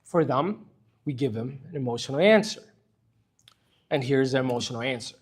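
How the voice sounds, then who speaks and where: A middle-aged man teaches a church Bible study in a slightly husky voice. His pitch swings widely as he moves from calm explanation to open, candid emotion. He speaks earnestly and plainly. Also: normal speed. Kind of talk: impassioned church lesson.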